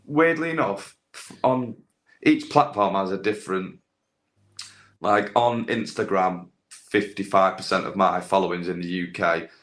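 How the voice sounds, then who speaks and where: Young guy talking casually on a podcast, kinda low voice, lots of ums and restarts. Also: measured pace, fairly bright tone. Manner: chatty, rambling, many fillers and restarts. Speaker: guest, landscaping business owner with a social media following. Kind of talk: casual chat.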